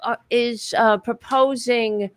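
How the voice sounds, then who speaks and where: A woman's voice: on the high side, steady tone, slow. A woman co-hosting a political talk podcast, speaking in an impassioned, profane, rambling way with many fillers. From United States. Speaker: podcast co-host.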